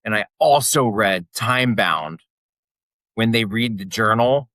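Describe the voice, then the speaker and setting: A man chiming in on a book-club podcast, relaxed and casual as he adds details. His voice is low. The recording is close and dry. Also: slow pace, dry recording.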